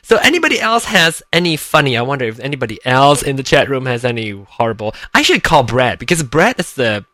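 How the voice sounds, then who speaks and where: Brief: jokey male host, lively pitch, bright voice, chatty and scattered. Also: brisk, few pauses, dry recording. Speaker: podcast host. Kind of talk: live podcast chat.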